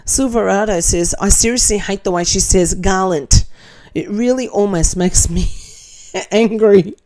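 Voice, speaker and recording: Australian woman host, middle-aged, mellow and warm, blunt sarcastic comment-reader, casual chat. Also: mid-range voice. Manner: reads comments aloud with laughing asides, blunt and sarcastic. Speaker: commentary channel host reading viewer comments.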